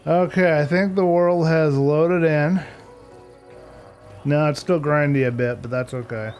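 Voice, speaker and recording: A man's voice: fairly high pitch, fairly even intonation, unhurried, darkish tone, soft background music. A man chatting casually to viewers during a live game stream, talking to himself and grumbling mildly about technical glitches. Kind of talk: casual live-stream chat while gaming.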